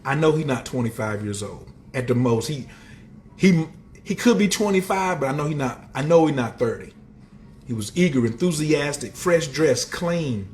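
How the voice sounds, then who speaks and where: There's a little hiss or hum behind this man as he hosts a laid-back motivational livestream, speaking at normal speed. Animated, with pitch swinging high and low, he uses street slang and says hello to viewers in the chat.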